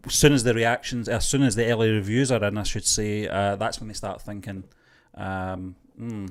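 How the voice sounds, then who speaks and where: A man's voice: on the low side, fairly even intonation, moderate pace. A man co-hosting a movie news show, chatting casually and reading news aloud with lots of fillers. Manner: chatty, rambling, with frequent fillers. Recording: online show livestream.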